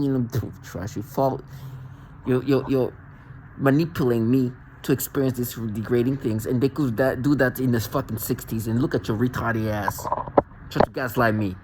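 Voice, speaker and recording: A man rants alone in an agitated monologue, tripping over words and restarting sentences. His voice sits in a middle pitch. A faint noise runs underneath. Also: fairly even intonation, normal speed, darkish tone, rough recording. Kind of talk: self-recorded monologue rant.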